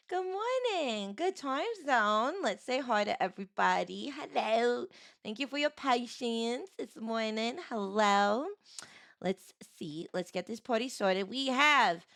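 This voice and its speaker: A woman streamer with a sore, hoarse voice, greeting chat viewers one by one and chatting casually on a live stream. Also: a little high, fairly bright tone, no room sound, clean studio sound.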